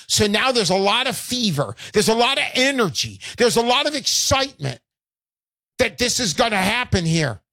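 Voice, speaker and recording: Brash high-voiced radio host. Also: male voice, fairly bright tone, dry recording. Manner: brash, salesy, jokey. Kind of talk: call-in radio talk show.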